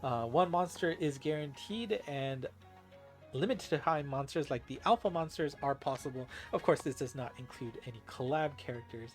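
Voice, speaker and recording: A man hosting a casual game news recap, chatty with many filler words, over faint background music. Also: on the high side.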